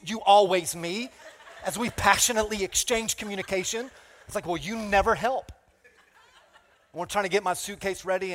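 A man pastor preaching a sermon in a large church, telling a self-mocking story and calling out to the congregation. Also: sits high. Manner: animated, self-mocking storytelling with crowd call-outs. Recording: reverberant church hall.

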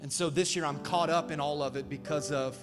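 A man in his thirties preaching a sermon as pastor, energetic and animated, calling out to the congregation. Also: a little high, fairly quick. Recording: reverberant hall, faint music behind.

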